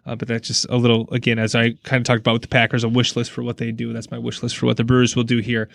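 A man's voice: mid-range voice, completely flat delivery, rapid-fire, vocal fry, no room sound, clean studio sound. A man, co-hosting a casual sports podcast, chatty and rambling, laughing often. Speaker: podcast co-host.

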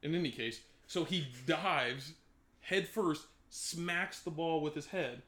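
A podcast host who leads a loose group chat, explaining things with eagerness and laughing often. The voice sits at a middle pitch. It is recorded in a room with plenty of echo. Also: slow pace, fairly bright tone.

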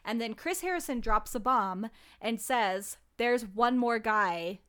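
A woman's voice: fairly high pitch, lively intonation, takes it slowly, fairly bright tone, smooth. Chatty young woman, casual recap. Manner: chatty, swears freely, lots of "like" and "um". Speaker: podcast co-host recapping a reality show. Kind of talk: casual chat.

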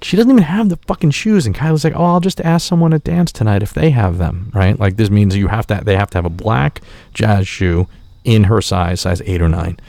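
A man with a low, gravelly voice tells a rambling personal story on his podcast. He swears freely and jumps into the voices of the people he quotes. The sound is close and dry, with no room around it. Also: no room sound. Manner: profane, animated, acts out quotes. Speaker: podcast host. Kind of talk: casual storytelling.

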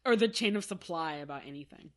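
A woman co-hosting a casual podcast about a book, rambling a little, searching for words and trailing off softly. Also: lowish voice, lively intonation, quick pace. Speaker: podcast co-host.

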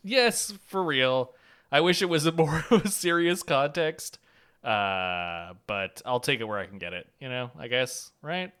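A man's voice: medium pitch, measured pace, smooth. A man co-hosting a podcast in casual pop culture chat, joking and laughing often. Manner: jokey, laughs often, lively. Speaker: podcast co-host.

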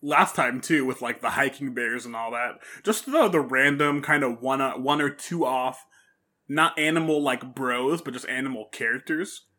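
Male co-host, relaxed and easygoing, bright voice, casual chat. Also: medium pitch, moderate pace. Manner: relaxed, easygoing, laughs often. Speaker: podcast co-host. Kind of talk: casual anime discussion.

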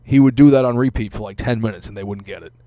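A man's voice: on the low side, fast, warm tone, no room sound. A man telling casual anecdotes, swearing and laughing through his stories. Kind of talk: casual storytelling.

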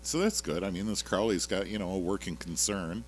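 A male podcast co-host recaps a TV episode in casual chat, rambling and joking with lots of fillers. His voice sits low and he talks a little fast, with slight background noise in the recording.

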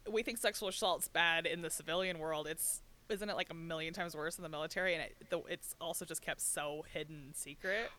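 A woman's voice: sits low, steady tone, brisk, few pauses, fairly bright tone, a little hiss or hum. A woman co-hosting a casual chat, reacting bluntly and swearing freely.

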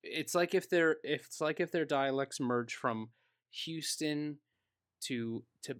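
Male co-host, loud swearing ranter, bright tone, dry close recording. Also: fairly high pitch, slow, dry recording. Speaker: podcast co-host. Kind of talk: casual chat.

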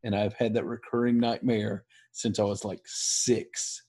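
A man telling a long story in casual chat, rambling and animated, laughing now and then. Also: on the low side, a little slow.

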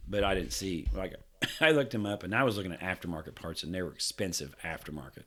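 A man's voice: low voice, quick pace, a bit bright. A man co-hosting a podcast, telling a rambling, profane story in casual chat with frequent laughs. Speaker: podcast co-host.

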